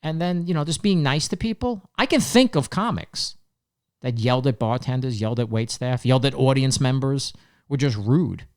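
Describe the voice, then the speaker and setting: This podcast co-host is a man with a medium-pitched, darkish voice, animated and at a normal speed. In casual chat he spins long, rambling stories and performs the voices of the people he quotes.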